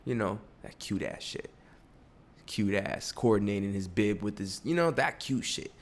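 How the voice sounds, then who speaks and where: A man in his twenties hosting a podcast in casual, profane chat. He gets excitable, laughs often and swings between loud bursts and low mutters. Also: normal speed. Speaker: podcast host.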